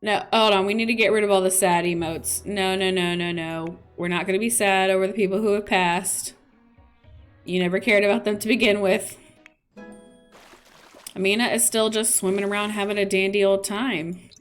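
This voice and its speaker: A woman's voice: medium pitch, fairly even intonation, moderate pace, faint music behind. A woman streamer chatting playfully through casual gameplay commentary. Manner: chatty, playful, with laughs and fillers.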